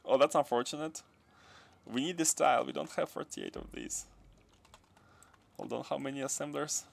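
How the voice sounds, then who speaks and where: A man's voice: mid-range voice, expressive, moderate pace, gravelly, long pauses, dry recording. Russian-accented man muttering through a game build. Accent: Russian with some French. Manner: muttering to himself, reads chat aloud. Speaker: game streamer. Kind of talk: casual livestream commentary while building.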